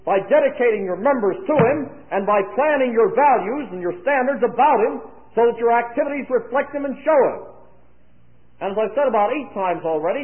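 A man preaching a sermon to young people at a conference, with dry humorous asides. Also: sits high. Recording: tinny lo-fi, phone-like sound.

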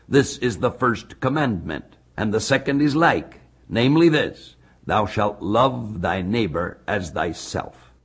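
A man giving expository Bible teaching, measured and deliberate, reading scripture slowly. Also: on the low side, breathy edge.

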